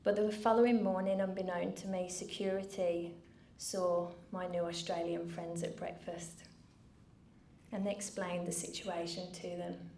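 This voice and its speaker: Woman on stage telling her story, lowish voice, echoey venue with faint noise. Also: flat delivery, measured pace, warm tone. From United Kingdom. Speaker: founder giving a keynote speech. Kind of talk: personal story told from a stage. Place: event venue with a live audience.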